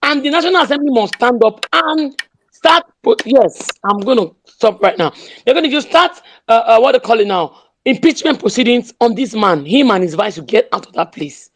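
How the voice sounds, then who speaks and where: A woman's voice: a little high, lively intonation, normal speed. Impassioned Nigerian woman rallying listeners. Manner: emphatic, repeats slogans, mixes in pidgin. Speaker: speaker in an online audio room. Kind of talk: impassioned political speech.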